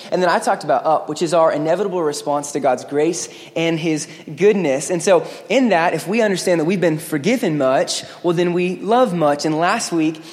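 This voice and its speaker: A man preaching a lively sermon as pastor, joking with the congregation. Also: on the high side. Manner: energetic, joking, acts out quoted voices. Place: church sanctuary. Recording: long hall reverb.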